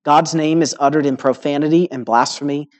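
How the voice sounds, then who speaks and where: A man preaching a sermon to a congregation, earnest and emphatic, slowing on key words and checking in with "right?". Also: on the high side, steady tone. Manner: earnest preaching with emphatic rising phrases and slow stressed words; uses filler "right?" and "okay?" to the congregation. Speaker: pastor.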